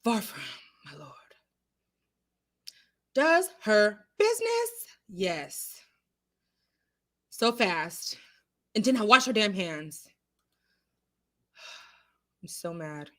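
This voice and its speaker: A woman's voice: mid-range voice, extremely slow, long pauses. A woman hosting a casual live stream, chatting and laughing as she answers viewers' comments. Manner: chatty, animated, laughs often, talks back to chat.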